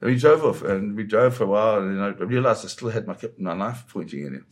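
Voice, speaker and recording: A man's voice: on the low side, lively intonation, quick pace. A man, a photojournalist guest, telling a dramatic first-person story in a vivid way. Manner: vivid storyteller who slips into quoting voices.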